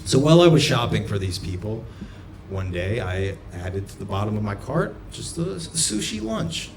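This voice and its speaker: A man performing a stand-up comedy set, telling a story and breaking into sudden shouts. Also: fairly low pitch, very animated, normal speed, a little hiss or hum. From United States. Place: comedy club stage. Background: audience laughter.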